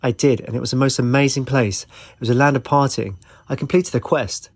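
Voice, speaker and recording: A man's voice: mid-range voice, steady tone, fairly quick, natural voice. A man voicing a tired young woman student in an audiobook, teasing and lightly sarcastic.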